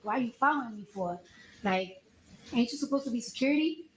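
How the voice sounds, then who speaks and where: A woman testifying as a witness, retelling events in a lively, slangy way with acted-out quotes. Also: on the high side, brisk. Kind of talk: courtroom testimony, storytelling. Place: echoey courtroom. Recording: echoey courtroom with faint noise.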